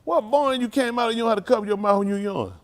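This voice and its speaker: This man, a fast talker, leads a service in a congregation hall and teases the young people there, calling them out by name. His voice is high and lively, leaping into mock singing, and the informal sermon with youth check-ins carries Southern Black vernacular phrasing.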